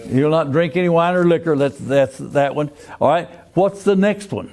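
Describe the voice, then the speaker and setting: A man's voice: a little high, normal speed, a little mellow. Older man teaching Bible class. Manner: folksy, asks the class questions, restarts phrases. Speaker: Sunday school teacher.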